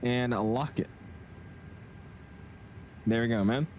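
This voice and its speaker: A young man casually commentating his flight simulator live stream, chatting with viewers in a relaxed, slangy way. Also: medium pitch, slow pace, a little hiss or hum. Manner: laid-back, chatty, slangy, reads chat aloud.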